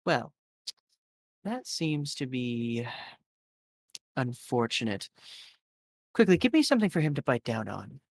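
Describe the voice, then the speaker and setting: A man's voice: medium pitch, sing-song, measured pace, creaky, pauses often, no echo, clean studio sound, exaggerated voice. A cold, clinical doctor speaks in a detached, matter-of-fact way, as a man acts him out. He sounds unbothered and businesslike, a figure from a tabletop horror game.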